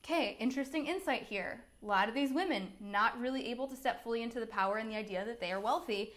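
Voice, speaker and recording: A woman's voice: on the high side, fast, a bit bright. A young woman, a business coach, giving an upbeat, chatty talk full of "like"s. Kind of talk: live-streamed coaching talk.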